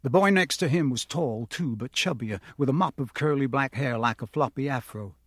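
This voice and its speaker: A man's voice: mid-range voice, moderate pace, fairly bright tone, slightly rough, no room sound, studio quality. A man narrating a novel aloud, shifting his voice up for the characters he quotes. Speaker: audiobook narrator.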